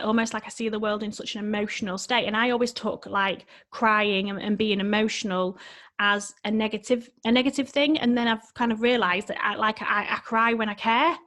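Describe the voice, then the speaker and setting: A married adult woman with children, a life coach, appears as a guest on a casual podcast, speaking earnestly and emotionally and often restarting her sentences. Her mid-range voice is fairly bright, with fairly even intonation and a moderate pace.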